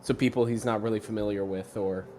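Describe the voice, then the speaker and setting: A man's voice: on the low side, fairly even intonation, fast, mellow, slight background noise. A man playing in a tabletop game who explains his character's slang at length in casual chat. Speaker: player.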